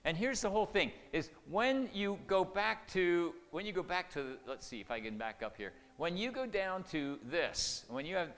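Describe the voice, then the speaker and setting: A man's voice: high-pitched, animated, moderate pace, few pauses, fairly bright tone. An older man giving a folksy, conversational sermon, chuckling and acting out quoted lines. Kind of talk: sermon on marriage communication. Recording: long hall reverb.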